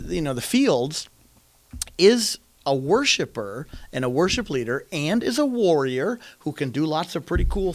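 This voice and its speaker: Lively, animated male preacher. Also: on the high side, no room sound. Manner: animated storytelling, acting out quoted lines in a raised voice. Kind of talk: sermon.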